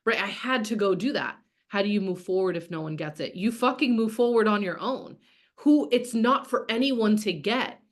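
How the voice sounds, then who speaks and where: A woman's voice: medium pitch, normal speed. Blunt, swearing woman business coach. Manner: candid, blunt and swears freely; casual, chatty, heavy with fillers like "like". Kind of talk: live online masterclass, answering chat comments.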